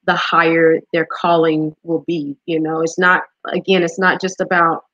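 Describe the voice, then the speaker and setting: A woman's voice: low voice, little pitch movement, normal speed, a bit bright, no echo, muffled recording. A woman hosting an interview, asking questions and sharing her views in an encouraging, conversational way. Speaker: interview host. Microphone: video call.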